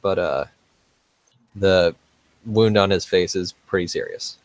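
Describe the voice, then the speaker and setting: A man's voice: sits low, takes it slowly, no room sound. A man playing a tabletop game, describing his character's wounds in a plain, matter-of-fact way. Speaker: player. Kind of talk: casual tabletop play.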